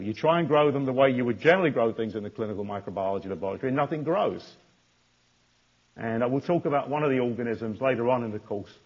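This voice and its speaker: Man lecturing, husky voice, lo-fi sound. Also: medium pitch. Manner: repeats and restarts words, stresses key terms. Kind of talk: university lecture. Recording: dull lo-fi lecture recording.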